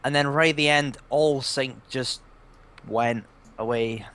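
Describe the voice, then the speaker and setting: A man's voice: mid-range voice, takes it slowly, a bit bright. Hesitant young-sounding male judge. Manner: hesitant, many fillers and restarts. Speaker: montage judge. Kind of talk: casual judging chat.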